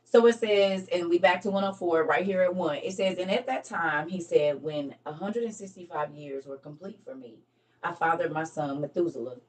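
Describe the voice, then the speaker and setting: A woman's voice: on the low side, normal speed, far from the mic. A woman hosting a live stream, casually reading scripture aloud and talking it over with her viewers, laughing at her own slips.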